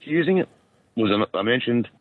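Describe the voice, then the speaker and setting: A croaky Australian man in his fifties, calling in to a radio show, rambling and halting as he tells a story with many restarts. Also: medium pitch, animated, dry recording. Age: 50s. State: croaky from a cold. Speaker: caller. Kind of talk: radio call-in chat. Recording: tinny phone line.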